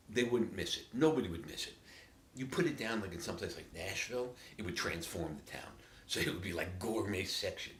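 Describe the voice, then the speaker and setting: Deep-voiced older New York man, roomy. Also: a little hiss or hum. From New York City. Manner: animated, emphatic, drops to loud whispers. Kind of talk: casual monologue. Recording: roomy, distant from the mic, faint ambience.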